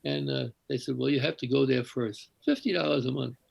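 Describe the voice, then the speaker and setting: Gravelly older man, rambling story. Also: mid-range voice, a little fast, low-quality recording. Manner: meandering, many fillers and restarts. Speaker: congregation member sharing. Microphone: video call.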